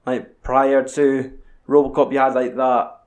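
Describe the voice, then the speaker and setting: Scottish man, mid-pitched voice, sweary, jokey, casual banter. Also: level tone, unhurried. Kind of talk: casual chat.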